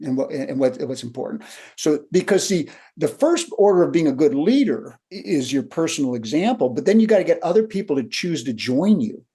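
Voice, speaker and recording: An older man, a leadership coach, talking through lessons in a relaxed interview and acting out the people in his stories. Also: a little high, brisk, breathy edge. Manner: animated storyteller who acts out quotes. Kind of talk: conversational storytelling.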